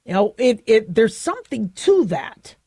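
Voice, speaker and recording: A middle-aged woman hosting a talk radio show, chatting in a loose, self-deprecating way and often restarting her sentences. Her voice sits a little high and is recorded close and dry in a studio. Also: sing-song, measured pace, warm tone, slightly rough, dry recording. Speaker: radio show host and physician. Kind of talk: casual talk radio monologue.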